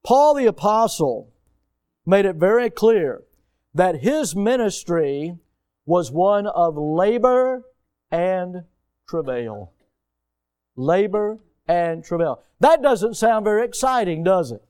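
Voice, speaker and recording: Man, high-pitched, folksy preacher who keeps quizzing his congregation. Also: very animated, takes it slowly, darkish tone, clear, resonant tone. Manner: folksy, emphatic, asks the congregation questions. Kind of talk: sermon.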